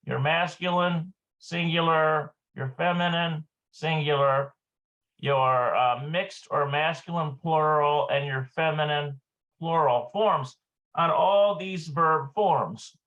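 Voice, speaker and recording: A man teaching a live online language lesson, slow and halting, with many filler sounds. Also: a little high, a bit bright, muffled recording. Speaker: Hebrew teacher.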